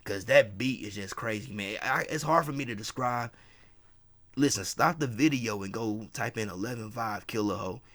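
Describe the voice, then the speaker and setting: A man's voice: lowish voice, moderate pace, fairly bright tone. A man casually reviewing a hip hop album track by track, enthusiastic and repeating himself, dropping "man" often. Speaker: music reviewer.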